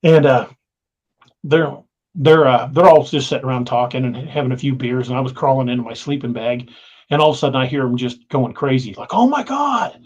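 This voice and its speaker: A man's voice: medium pitch, fairly even intonation, brisk, darkish tone. A man telling outdoor stories as a guest, rambling and repeating words. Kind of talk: casual storytelling. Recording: dull lo-fi sound.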